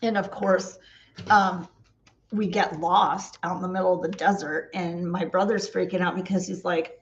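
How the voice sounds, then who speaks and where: A woman's voice: on the low side, steady tone, normal speed, dull audio, slight background noise. A woman vlogger telling funny stories in a chatty way, laughing often and acting out the dialogue. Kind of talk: casual storytelling.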